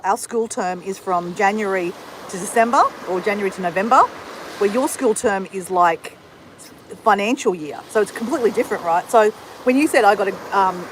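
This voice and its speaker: With a mid-range voice, an Australian woman hosts a casual livestream under the sun, saying hi to viewers and answering comments. The recording is rough and carries a little hiss or hum.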